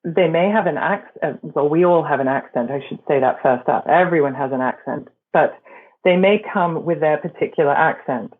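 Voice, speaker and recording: A woman's voice: deep voice, breathy edge. A woman voice and performance coach, a guest in an interview, explaining her work in a reflective way with examples. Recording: phone-like remote line.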